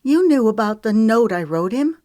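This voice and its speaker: A woman voicing a proud, emotional young woman in an audiobook, high-strung and close to tears. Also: unhurried, no room sound, natural voice. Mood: tearful. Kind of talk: audiobook character reading.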